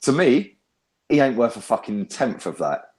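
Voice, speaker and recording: A young man, ranting loudly and swearing hard in a casual fan chat he hosts. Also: mid-range voice, normal speed. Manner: loud, sweary, animated ranting. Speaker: fan channel host.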